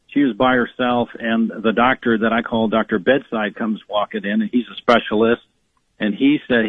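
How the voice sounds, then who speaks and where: A man's voice: medium pitch, dry recording. A man being interviewed on radio as an author, telling family stories earnestly, with many restarts and acted quotes. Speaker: author and guest. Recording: dry phone-line sound.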